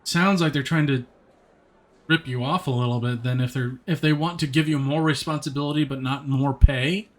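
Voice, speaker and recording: A man streams a game live, talking with his viewers and reading the on-screen text aloud. His mid-range voice stays steady at a moderate pace. He's chatty and answers chat, reading the narration in a plain voice.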